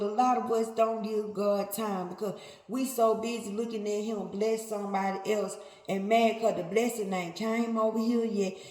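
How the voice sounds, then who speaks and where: A woman's voice: mid-range voice, steady tone, moderate pace, darkish tone, soft background music. A woman preacher delivering a sermon, emphatic and repetitive, talking straight to her listeners. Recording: echoey hall, faint ambience.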